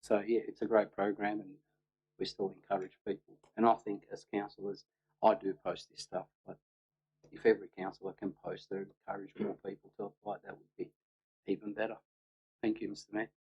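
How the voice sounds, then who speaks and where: A man's voice: lowish voice, level tone, fairly quick, slightly rough. A man speaking as a councillor at a meeting, hesitant and full of fillers. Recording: muffled lo-fi audio.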